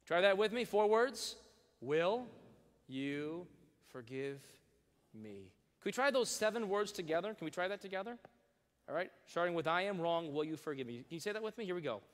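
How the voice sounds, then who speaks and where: A man's voice: high voice, moderate pace. Man preaching in a reverberant church. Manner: animated, coaxing the congregation to repeat phrases aloud; reads scripture in old-fashioned wording with rising emphasis. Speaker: pastor. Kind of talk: sermon. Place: large church sanctuary. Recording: long hall reverb.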